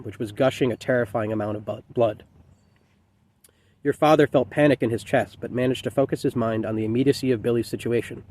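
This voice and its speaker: A man's voice: medium pitch, darkish tone. Man reading his novel aloud. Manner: measured, reflective reading with occasional slips.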